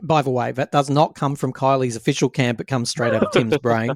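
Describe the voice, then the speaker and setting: A man's voice: medium pitch, fairly quick, no room sound, clean studio sound. An Australian man hosting a casual interview, joking and self-deprecating, laughing often. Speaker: podcast host.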